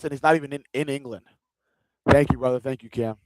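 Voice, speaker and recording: A man's voice: medium pitch, fairly even intonation, fast talker, a little mellow, no echo, low-quality recording. A man giving casual, rambling live commentary on a fight stream from a gaming chair, often repeating himself. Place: seated in a gaming chair at home.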